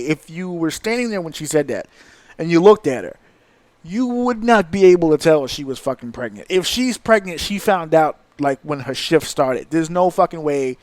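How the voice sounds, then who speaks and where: A man's voice: a little high, dry recording. Profane ranting podcast man, dry close mic. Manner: profane, exasperated, animated ranting. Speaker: podcast host. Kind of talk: casual storytelling rant.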